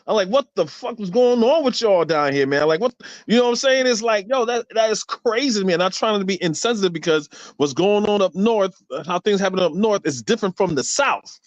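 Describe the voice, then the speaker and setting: A man tells stories in a loose group chat, and he is animated, profane and quick to act out other people's voices. His voice sits a bit high. The audio is dry and dull, like a lo-fi online call. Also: no echo. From New York. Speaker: discussion participant. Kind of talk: casual group chat storytelling.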